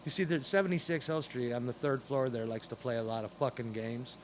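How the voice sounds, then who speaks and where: A man's voice: medium pitch, a little fast, slight background noise. A man delivering an angry, rambling, profane monologue straight to camera.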